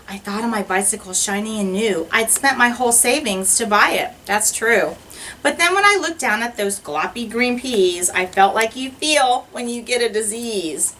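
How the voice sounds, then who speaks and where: A woman teacher reads a rhyming picture book aloud in a bright, clear voice. Her pitch swings widely as she carries the verses with a sing-song lilt. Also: animated, normal speed, recorded from a distance, a little hiss or hum, rough recording.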